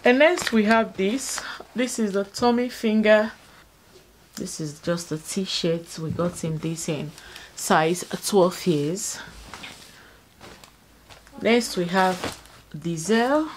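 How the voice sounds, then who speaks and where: A woman's voice: medium pitch, expressive, takes it slowly, slight background noise, rough recording. A mother vlogging at home, chatting casually to her viewers and calling them "you guys" and "my loves.". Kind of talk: casual vlog narration to viewers. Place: at home indoors.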